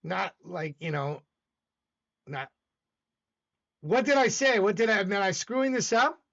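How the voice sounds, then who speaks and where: A high, bright-toned man with a Southern accent rambles through casual livestream chat, arguing with his viewers. His pitch jumps around a lot, and the sound comes through slightly dull, lo-fi stream audio. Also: animated, a little slow, vocal fry. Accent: Southern American. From American South. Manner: rambling, talks back to chat, argumentative. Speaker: livestream host.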